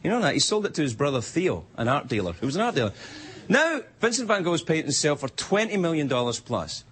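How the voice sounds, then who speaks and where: A man's voice: a little high, sing-song, a little fast, a bit bright. A man with a Scottish accent delivering a rambling, wry late-night stand-up monologue in a TV studio. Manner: wry, rambling, jumps into silly voices. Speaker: late-night talk show host. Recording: TV studio with audience laughter and noise.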